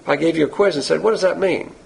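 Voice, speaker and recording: A male preacher with a gravelly, husky voice that sits a little high for a man. He teaches in a blunt, emphatic way, asking rhetorical questions and knocking down the answers. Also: very fast, poor audio. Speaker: pastor teacher. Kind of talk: sermon.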